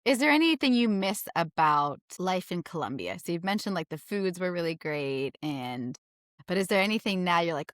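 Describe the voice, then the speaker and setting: A woman from the United States hosting a podcast interview, chatty and relaxed, with a lot of "like". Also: lowish voice, normal speed, no echo, studio quality. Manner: chatty, lots of "like" and restarts. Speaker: podcast host. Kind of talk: casual interview.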